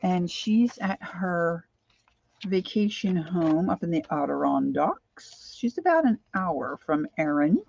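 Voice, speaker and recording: A woman's voice: fairly low pitch, expressive, takes it slowly, vocal fry, a little mellow, husky, muffled recording. An older woman hosting a crafting livestream, chatting casually and greeting viewers by name as she works.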